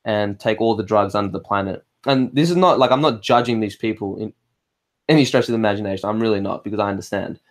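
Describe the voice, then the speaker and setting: A man's voice: fairly low pitch, fast. Swearing Australian man, rambling chat. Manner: rambling and swearing, with frequent restarts; reads viewer comments aloud and answers them. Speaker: livestream host. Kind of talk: casual livestream chat.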